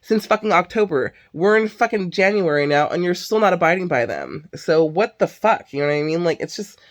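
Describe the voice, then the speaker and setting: A woman's voice: lowish voice, lively intonation, a little fast. Swearing, exasperated woman venting. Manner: heavy swearing, exasperated ranting; sighs and filler "like" often. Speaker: vlogger. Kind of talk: casual venting monologue.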